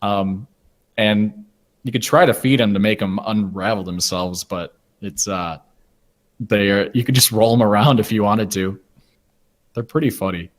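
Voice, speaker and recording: A man telling a relaxed story as a guest on a live stream. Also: on the low side, moderate pace. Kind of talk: casual live-stream chat.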